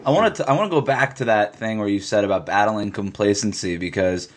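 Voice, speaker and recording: A man's voice: on the low side, a little fast. A man co-hosting a sports podcast, arguing his point emphatically and repeating lines for stress. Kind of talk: casual sports talk.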